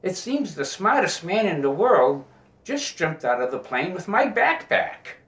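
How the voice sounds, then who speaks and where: A man's voice: sits high, big pitch swings, measured pace, fairly bright tone, pitched above the performer's own voice, heavily acted. A man voicing a cheerful young hitchhiker in a joke, in a fairly roomy recording. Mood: sly. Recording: roomy echo.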